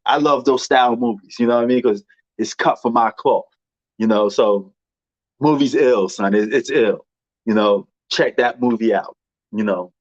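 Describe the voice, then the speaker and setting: A man's voice: mid-range voice, normal speed, no echo. Slangy New York man, dull dry sound. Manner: slangy, rambling, many fillers. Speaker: movie commentator. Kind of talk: casual chat.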